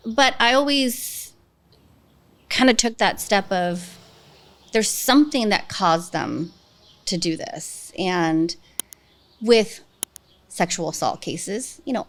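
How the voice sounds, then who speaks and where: A woman police detective answering interview questions in an earnest, measured, reflective way. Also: medium pitch.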